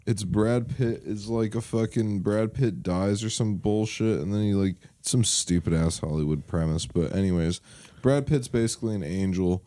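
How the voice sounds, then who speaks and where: Low mellow-voiced young man rambling. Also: moderate pace, no echo. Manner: swearing, rambling storyteller. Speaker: podcast co-host. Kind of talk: casual chat.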